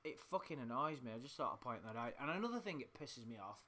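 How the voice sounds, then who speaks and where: A man's voice: fairly high pitch, very animated, fast, hardly any pauses, very noisy. An English man reading out chat logs and ranting in a sweary, mocking, rambling way. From England. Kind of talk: casual reading and ranting commentary.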